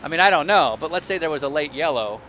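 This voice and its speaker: An excitable man calls live sim-racing action as host. His voice is a touch high, with a faint hiss of noise behind it. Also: fast. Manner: excitable play-by-play. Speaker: race commentator host.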